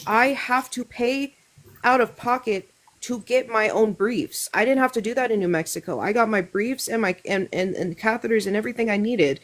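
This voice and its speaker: A woman's voice: fairly high pitch, moderate pace. A young woman speaking as a guest on a live talk show, frank and earnest, with plenty of fillers and restarts. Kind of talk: candid casual chat.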